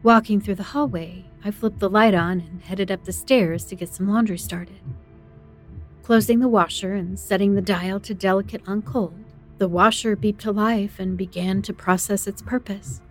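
A woman reads a first-person horror tale aloud, building tension with dramatic delivery. Her voice sits at a middle pitch. Soft music plays faintly underneath. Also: fairly even intonation, moderate pace. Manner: dramatic, tense storytelling. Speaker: narrator.

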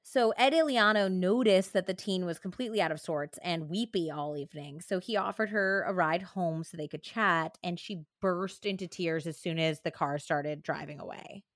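A woman's voice: fairly low pitch, moderate pace, hardly any pauses, no room sound, clean studio sound. A young woman hosting a true crime podcast, reading from a book and chatting casually. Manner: reads book excerpts, then chats casually with filler "like". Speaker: podcast host.

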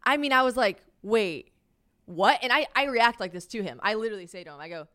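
Podcast host, woman, late 20s, casual storyteller, animated, salty, plays out every quoted line. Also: brisk. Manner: animated, swears, acts out quotes with jumps in pitch and volume, laughs often. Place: her apartment.

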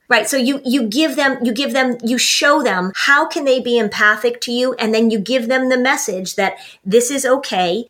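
A woman's voice: on the high side, moderate pace, hardly any pauses, a bit bright. A woman co-hosting a parenting podcast, explaining at length and acting out what a parent and child might say. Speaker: parenting expert co-host. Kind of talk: casual podcast chat.

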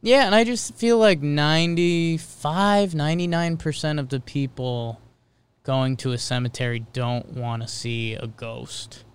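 Smooth-voiced joking male co-host. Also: on the high side, unhurried. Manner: dry, joking banter. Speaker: podcast co-host. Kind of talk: casual chat.

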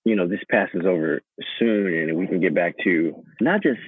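A man's voice: sits low, normal speed, husky, dry recording. A man co-hosting a casual sports podcast, talking in an easygoing, thoughtful way with lots of "you know"s. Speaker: podcast co-host. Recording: tinny phone-like line.

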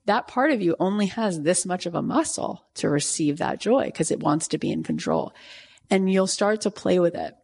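A woman in her forties hosting a casual motivational talk, animated and acting out her own reactions in quoted asides. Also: fairly low pitch, normal speed. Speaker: podcast host.

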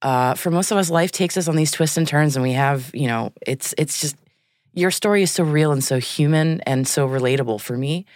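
A woman's voice: low-pitched, brisk, darkish tone, no echo, studio quality. A woman in her thirties hosting an interview, effusive and openly moved by what she hears. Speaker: host. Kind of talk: interview conversation.

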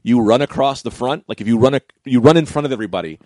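A man's voice: medium pitch, rapid-fire, dark tone, no echo. A young man telling a story in a casual chat, acting out voices and swearing casually. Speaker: comedian telling a story on a podcast.

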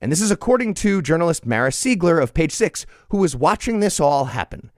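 A man's voice: fairly high pitch, sing-song, fairly quick, no room sound, studio quality. A man co-hosting a comedy news podcast, reading quotes aloud with sarcastic comic emphasis. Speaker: podcast co-host. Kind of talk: casual comedic news chat.

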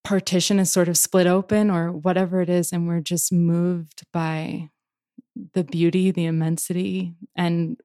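A woman's voice: fairly low pitch, little pitch movement, dark tone, dry recording, clean studio sound. A woman poet and author answering interview questions reflectively, searching for words as she goes. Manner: thoughtful, searching, halting restarts.

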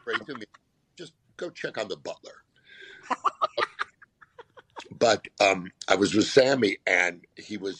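A comedian with a low, gravelly, slightly husky voice tells long, self-deprecating anecdotes. He circles back and restarts his sentences often. The sound is dry and close. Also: animated, slow pace, long pauses, a bit bright, dry recording. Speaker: guest comedian. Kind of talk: casual storytelling chat.

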